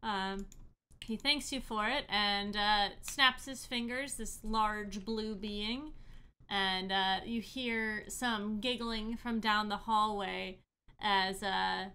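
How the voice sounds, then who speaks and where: A woman narrating and running a tabletop game as game master, animated and often laughing. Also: mid-range voice, slow, clean tone.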